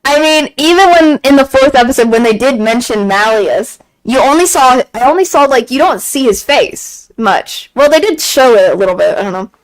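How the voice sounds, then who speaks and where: Excitable young-sounding woman streamer, higher voice. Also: normal speed, hardly any pauses, low-quality recording. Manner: excited gushing fan talk, frequent laughs and repeated phrases. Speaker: game streamer. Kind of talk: casual chat on a live stream.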